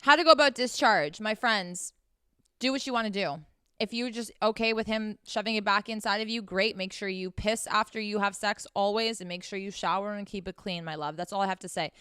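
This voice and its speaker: A woman's voice: mid-range voice, a little fast, bright, forceful tone, clean tone, no echo, studio quality. Brash, profane young woman giving advice. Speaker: podcast host giving sex advice. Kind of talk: blunt advice monologue.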